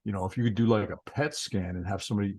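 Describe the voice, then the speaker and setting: A man's voice: fairly low pitch, fairly even intonation, very fast, darkish tone, low-quality recording. A man giving a casual spiritual talk, telling stories in a conversational way and often repeating words as he gathers his thoughts. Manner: storytelling, conversational, repeats words while thinking. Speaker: spiritual teacher.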